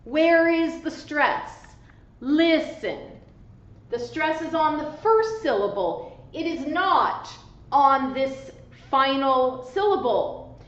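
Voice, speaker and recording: A woman English teacher giving a slow, deliberate grammar lesson, spelling out letters and stressing syllables carefully. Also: high-pitched, animated. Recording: echoey room, dull lo-fi sound.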